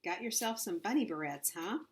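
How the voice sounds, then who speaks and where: A woman's voice: lowish voice, animated, a little fast, natural voice. A woman voicing a tough, blunt young girl in a read-aloud storybook, curt and dry.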